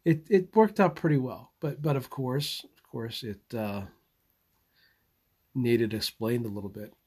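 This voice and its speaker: A man rambles live to his channel, stopping and restarting his sentences and repeating words as he gathers his thoughts. He chuckles now and then and keeps his tone easy and unscripted. His voice sits at a middling pitch. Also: slow pace, long pauses, darkish tone, breathy edge. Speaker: channel host. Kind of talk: casual live monologue.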